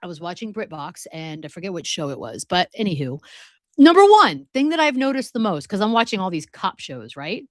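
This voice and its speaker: A woman's voice: fairly low pitch, big pitch swings, no echo. Chatty woman co-host, dry close sound. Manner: chatty, rambling, quick asides. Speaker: podcast co-host. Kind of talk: casual chat.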